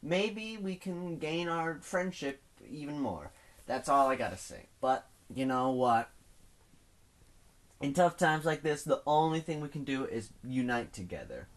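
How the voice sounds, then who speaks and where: A teenage man hosting a solo podcast from home, rambling and self-mocking, his voice swinging between loud bursts and mumbles. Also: medium pitch, lively intonation, normal speed. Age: teens. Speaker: podcast host. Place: at home indoors.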